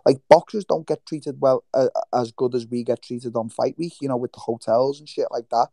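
A man's voice: medium pitch, steady tone, moderate pace, dark tone, no room sound. A man, chatting casually in an interview, swearing freely and telling stories with quoted voices. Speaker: guest fighter. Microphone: remote livestream call.

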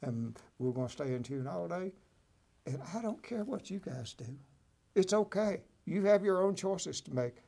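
A man's voice: sits high, animated, moderate pace, creaky, dark tone. A man hosting a motivational talk show, reading from a book and adding folksy, preachy encouragement with frequent "right?" and "okay?" asides. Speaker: host.

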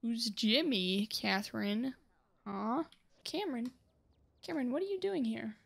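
Gravelly young woman chatting through a game. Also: on the high side, measured pace, slight background noise. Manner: chatty, talks to the game characters, scolds them. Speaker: gaming channel host. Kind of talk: casual gameplay commentary.

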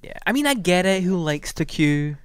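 A man's voice: sits high, sing-song, moderate pace, clean tone, dry recording, studio quality. A man hosting a podcast, friendly and a little hesitant, often repeating words. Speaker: podcast host. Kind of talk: casual podcast chat.

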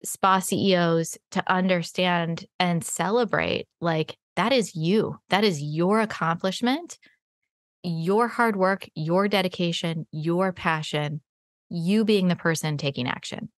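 A woman's voice: on the low side, a little slow, no echo, clean studio sound. A woman hosting an interview podcast, encouraging and affirming her guest. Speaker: podcast host and spa marketing coach.

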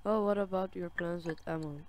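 A woman playing a game on camera, reading its chat messages aloud in a slow, drawn-out way and reacting with soft sympathy. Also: on the low side, steady tone. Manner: reads dialogue slowly, with soft sympathetic reactions. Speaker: gaming video creator. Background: loud game music and keyboard typing.

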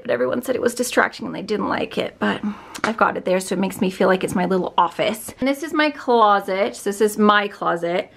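A woman's voice: medium pitch, quick pace, gravelly. A woman giving a casual, chatty tour of her bedroom filming room as a beauty vlogger, upbeat and full of fillers.

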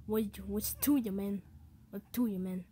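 A woman's voice: medium pitch, moderate pace, dark tone, slight background noise, close to an everyday voice. A woman voicing Mario as a swaggering, slang-heavy wannabe gangster in an amateur fan movie. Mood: cocky. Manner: swaggering slang, dismissive, bossy. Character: Mario acting as a cocky wannabe gangster, male adult.

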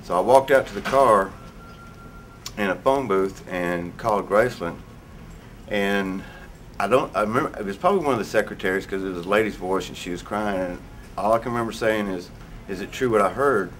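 A man being interviewed, recalling a painful memory in a halting voice with many pauses. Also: on the low side, fairly bright tone, slight background noise. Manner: halting, pausing often. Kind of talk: emotional recollection.

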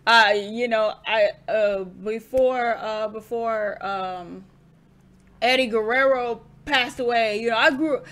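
A woman's voice: fairly high pitch, takes it slowly, a bit bright. A woman hosting a reaction video, commenting casually in a rambling way with many restarts.

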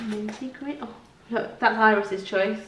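A woman's voice: medium pitch, steady tone, unhurried, slight background noise, poor audio. A woman chatting casually in her vlog, rambling and poking fun at herself. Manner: chatty, rambling, self-deprecating. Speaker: vlogger.

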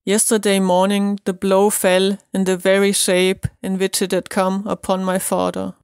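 A woman from Bavaria with a German accent, a non-native speaker reading an audiobook aloud slowly and carefully. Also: medium pitch, monotone, darkish tone, smooth, no echo, clean studio sound. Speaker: audiobook reader. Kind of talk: audiobook narration.

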